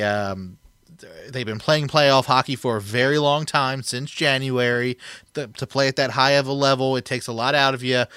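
Crisp bright young man, dry sound. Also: mid-range voice, no echo. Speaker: podcast co-host. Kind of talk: casual sports chat.

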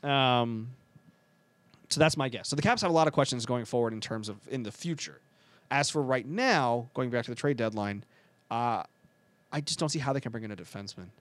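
A man talks hockey in a quick, rambling way, often stopping to correct himself mid-thought. His voice sits in an ordinary middle pitch and is recorded dry and close, with no room sound around it. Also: a bit bright, no echo. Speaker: podcast co-host. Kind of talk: casual hockey chat.

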